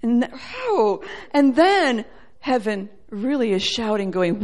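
A woman with a high voice preaches with real fervor, her delivery rising to ringing, forceful peaks and dropping to quiet, low asides. She acts out the people and voices she quotes as she goes. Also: a little slow. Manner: animated, acts out quoted voices, swings between loud and soft. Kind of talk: sermon.

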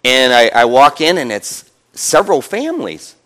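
Animated male pastor telling a story. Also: medium pitch, moderate pace. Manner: animated, chuckling often, conversational. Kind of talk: sermon storytelling.

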